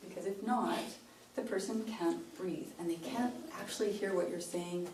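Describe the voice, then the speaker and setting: A woman's voice: fairly low pitch, moderate pace, a little mellow. A woman pronunciation coach giving a workshop talk, demonstrating phrasing in short chunks. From Canada. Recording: roomy sound from a distant mic, faint hiss.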